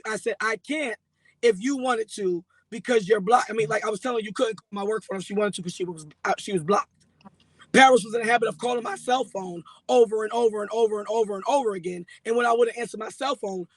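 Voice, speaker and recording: A man's voice: sits high, fast, no room sound, poor audio. A man telling the story of a fight with his partner, acting out both sides of the argument in a heated, casual way. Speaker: guest recounting a breakup.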